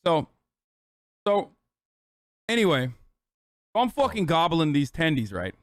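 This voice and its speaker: A man's voice: fairly high pitch, sing-song, takes it slowly, a bit bright, no room sound, clean studio sound. A man in his thirties telling a rambling, sarcastic, profane story on a casual livestream. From United States. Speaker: streamer.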